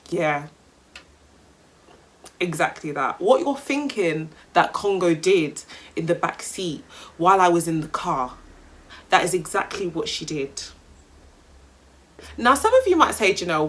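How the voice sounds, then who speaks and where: A young woman with a London accent telling a storytime vlog in an animated, slangy way, swearing freely. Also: fairly low pitch. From England. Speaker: vlogger.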